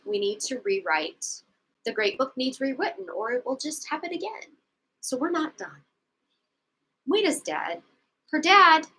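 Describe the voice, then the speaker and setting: Woman, book club co-host; high bright voice, easygoing slow recap, casual asides. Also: low-quality recording. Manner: rambling plot recap with frequent asides and laughter. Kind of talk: casual book discussion livestream.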